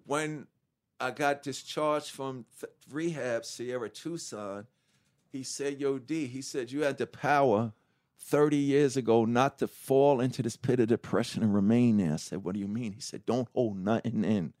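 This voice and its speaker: A middle-aged man, a guest in an interview, candidly tells his life story, swearing freely and animatedly acting out what others said to him. His voice is medium in pitch at a normal speed.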